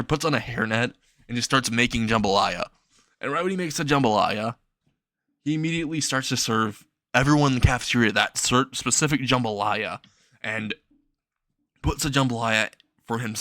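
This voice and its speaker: A man's voice: medium pitch, moderate pace, pushed and bright, no room sound, studio quality. Chuckling man narrating a fan story. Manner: chuckling, rambling, frequent restarts.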